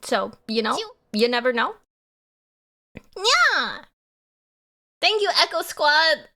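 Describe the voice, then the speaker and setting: A young woman streamer chatting casually with her viewers, giggly and animated, laughing often. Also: high-pitched, slow. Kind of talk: casual live-stream chat.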